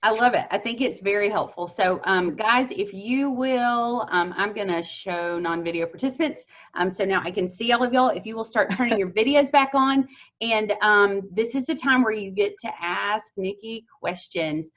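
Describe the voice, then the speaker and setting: A woman's voice: medium pitch, normal speed, fairly bright tone. Host, woman, friendly moderator, dull lo-fi call audio. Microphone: video call. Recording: muffled video call audio.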